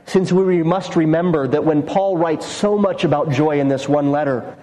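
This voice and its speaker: Guy preaching a sermon, high-ish voice, leans on repeated phrases for emphasis, echoey church hall. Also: normal speed, mellow. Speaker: pastor.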